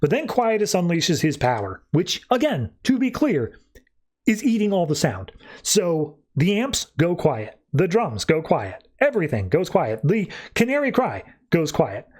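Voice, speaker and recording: A man hosting a podcast, giving a loose, slangy recap of a comic book issue with animated asides. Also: on the high side, measured pace, breathy edge. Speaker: podcast host.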